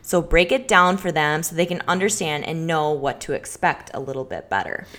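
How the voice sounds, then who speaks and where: A woman in her thirties co-hosts a parenting podcast, walking through tips one by one. Her voice sits on the lower side for a woman, and she sounds steady and methodical. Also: moderate pace. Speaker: podcast co-host.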